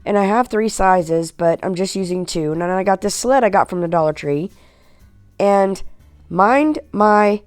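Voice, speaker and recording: Sitting in a recliner at home, a woman who hosts craft videos chats casually as she narrates a home craft project. Her mid-range voice is a little slow, with no echo and faint music behind, and she's folksy, self-mocking, and full of fillers.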